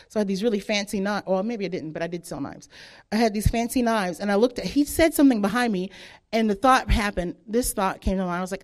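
A woman sharing a personal faith testimony in casual spoken storytelling, animated and full of "like", acting out her own past thoughts. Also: fairly high pitch.

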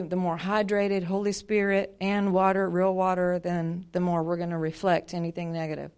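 A woman's voice: medium pitch, smooth. A woman from Montana telling her faith testimony to a church audience in a casual, rambling way, full of fillers and acted-out asides.

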